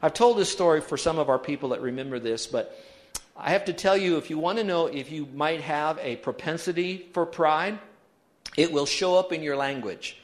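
A man's voice: fairly high pitch, normal speed. A pastor giving an emphatic sermon, leading his congregation in reading aloud together. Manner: emphatic preaching, leads the congregation in call-and-response reading. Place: church sanctuary.

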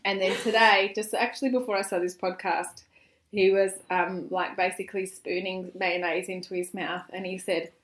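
A woman co-hosting a podcast, telling lively stories about family life. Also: mid-range voice, moderate pace. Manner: animated storyteller, acts out quotes. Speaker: podcast co-host. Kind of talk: casual chat. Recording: roomy echo.

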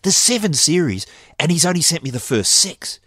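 Animated storytelling man. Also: a little high, moderate pace, no echo, clean studio sound. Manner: animated storytelling, mimics voices. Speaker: podcast guest. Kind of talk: casual chat.

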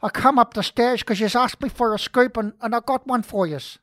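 A woman doing a rambling, prickly Australian sports journalist, out of breath and quick to take offence. He trips over his words, and the voice sounds close and dry. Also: a little high, no echo, natural voice. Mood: blustering. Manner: rambling, stumbling, defensive. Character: blustering out-of-breath male footy journalist, touchy. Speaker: guest playing a journalist. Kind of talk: comedy sketch.

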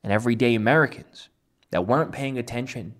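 A man hosting political commentary, excitable and emphatic, often rambling between points. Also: mid-range voice, quick pace. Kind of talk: opinionated commentary.

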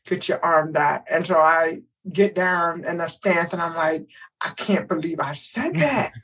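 A middle-aged woman from Texas telling a lively story in casual chat, acting out the voices of people in it. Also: fairly low pitch, measured pace, husky, far from the mic, low-quality recording. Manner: animated, acts out voices in her story. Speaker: guest.

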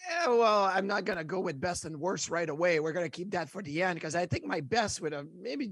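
High-voiced man rambling about hockey. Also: brisk, a bit bright, slightly rough, dry recording. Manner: rambling, with many fillers and restarts. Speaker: hockey podcast co-host. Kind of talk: casual sports talk.

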